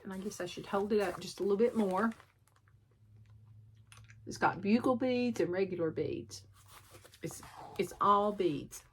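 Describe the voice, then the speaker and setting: A woman with a sore throat, rambling and poking fun at herself as she shows off her stitching in a chatty show-and-tell vlog, clearing her throat often. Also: medium pitch, unhurried, long pauses, slight background noise. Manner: rambling, self-deprecating, frequent throat clearing. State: sore throat, sucking a cough drop. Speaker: cross-stitch vlogger.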